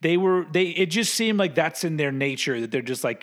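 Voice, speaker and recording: Podcast co-host, male, rambling casual delivery, frequent laughter, slightly higher pitch. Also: lively intonation, moderate pace, fairly bright tone. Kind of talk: casual chat.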